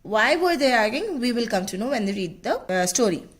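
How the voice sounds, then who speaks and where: A woman's voice: on the high side, sing-song, a little fast, breathy edge. A woman teacher with an Indian English accent reading a lesson aloud and explaining it, asking questions and answering them herself.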